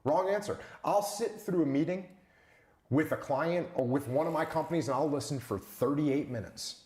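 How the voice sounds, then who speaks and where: A man's voice: a little high, normal speed, a little mellow, roomy sound. Emphatic man with punchy rhetorical questions. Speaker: interview guest. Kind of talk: emphatic interview storytelling.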